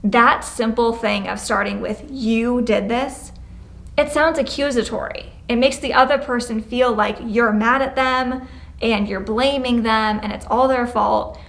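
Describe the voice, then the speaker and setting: Teaching in an indoor school classroom, this woman is a prevention educator whose voice is on the high side and slightly bright. She moves briskly and cheerfully, encouraging students, laying out instructions step by step, and performing sample phrases with varied tone.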